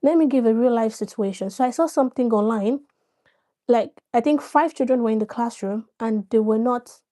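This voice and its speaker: She hosts a casual live stream full of parenting advice, greeting viewers by name and making her points through examples. Her voice leans high, with a dark tone and a moderate pace.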